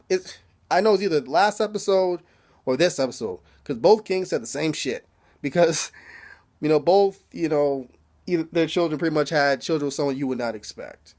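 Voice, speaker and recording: Laughing, slangy male TV reviewer. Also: fairly high pitch. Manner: laughs often, slangy, rambling. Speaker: TV episode reviewer. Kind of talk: casual recap with profanity.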